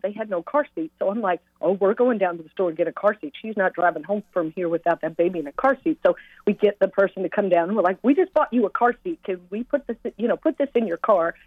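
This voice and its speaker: Animated woman telling stories over the phone. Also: mid-range voice, fast, no room sound. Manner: animated storyteller, voices quoted speech brightly. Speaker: pregnancy center director. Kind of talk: call-in radio storytelling. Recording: dry tinny phone line.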